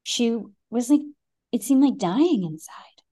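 A middle-aged woman guest on a podcast, telling a story in a lively way, acting out quotes and swearing freely. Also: fairly high pitch, a little slow. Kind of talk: animated storytelling.

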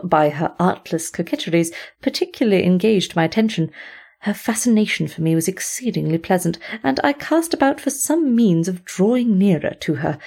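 A woman narrating a storybook in a measured, formal first-person reading. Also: on the low side, darkish tone. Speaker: audiobook reader.

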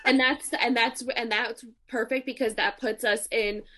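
A woman's voice: fairly high pitch, steady tone, moderate pace, bright, forceful tone. A woman in casual chat about a movie, thoughtful, with fillers like "um" and "you know". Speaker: movie podcast co-host.

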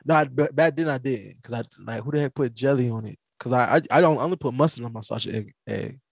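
Gravelly Southern-raised podcast host. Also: male voice, mid-range voice, quick pace, no echo, clean studio sound. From American South. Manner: animated storytelling, stumbling restarts, laughing. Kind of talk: casual chat.

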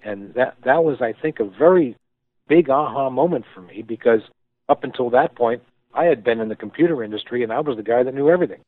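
A man being interviewed, telling a story with thoughtful pauses and frequent restarts as he explains things. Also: medium pitch, expressive, no room sound. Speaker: guest, company founder. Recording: tinny phone-like line, dry.

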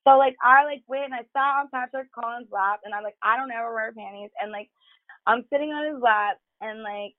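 A woman's voice: fairly high pitch, fairly quick, no echo, phone-quality sound. A woman guest on a talk show, telling candid, profane stories in casual chat with lots of fillers. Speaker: podcast guest.

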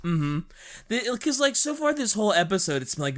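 A man co-hosting a podcast, reacting loudly with swears and lots of "like". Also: high-pitched, normal speed. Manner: animated reactions, swears, says "like" often. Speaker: podcast co-host. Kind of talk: casual chat.

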